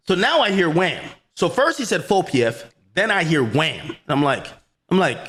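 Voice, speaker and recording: A man's voice: high-pitched, sing-song, fairly quick. A man telling a story in a heated rant, swearing, repeating himself and quoting others. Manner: swears a lot, repeats himself, grows loud and shouting.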